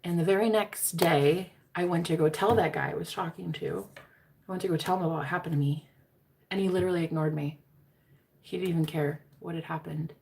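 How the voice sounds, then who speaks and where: Low gravelly woman spilling a story to her viewers, chatty, swears a lot, keeps saying girl. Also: fairly even intonation, brisk, darkish tone. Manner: candid, profane, chatty, addresses listeners as girl. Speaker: tarot reader.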